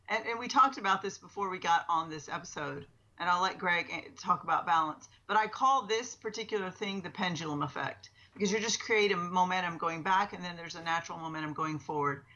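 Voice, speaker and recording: A woman with a low-pitched but bright, forceful voice chats about lifting technique on a podcast. She talks in an animated, candid and chatty way, and the recording has a dull lo-fi quality. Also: fairly quick. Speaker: podcast co-host, weightlifting coach. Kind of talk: casual coaching chat. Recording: dull lo-fi sound.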